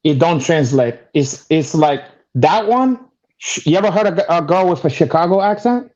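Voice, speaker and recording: A man's voice: a little high, lively intonation, moderate pace, darkish tone. A man co-hosting a casual podcast chat, rambling and cursing in loose, broken grammar. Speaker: co-host. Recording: dull lo-fi audio.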